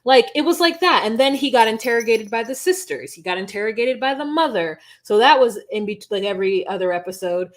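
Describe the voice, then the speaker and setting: A woman co-hosting a podcast in casual chat, blunt and quick to laugh, swearing freely as she recaps a show. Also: a little high, expressive. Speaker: podcast co-host. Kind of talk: casual chat about reality TV.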